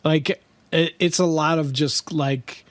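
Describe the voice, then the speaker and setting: Male podcast co-host, loose and rambling, casual swearer, a touch high-pitched, dry recording. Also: steady tone, slow, no room sound. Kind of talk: casual chat.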